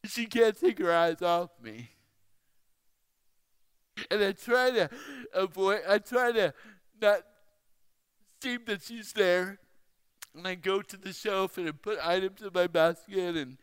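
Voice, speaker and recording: A man preaching a sermon, telling a personal story slowly and with emphasis. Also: sits high, fairly bright tone, clean tone. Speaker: speaker. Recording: reverberant hall.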